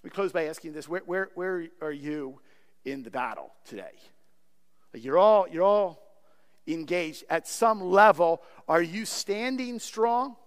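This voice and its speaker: A man's voice: high-pitched, expressive, measured pace, clean tone, long reverb tail. A man preaching a sermon as pastor, earnest and pleading, often repeating words as he presses his point.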